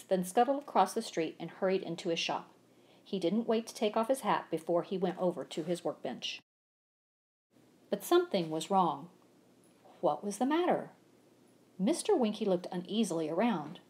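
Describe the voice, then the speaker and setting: A woman reading a children's storybook aloud, acting out the sound effects with gusto. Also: medium pitch. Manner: animated, acts out sound effects.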